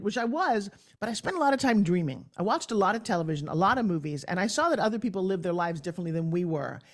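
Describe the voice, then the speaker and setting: A middle-aged woman, a guest on an interview show, talking in an energetic, emphatic and upbeat way. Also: on the low side. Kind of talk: conversational interview.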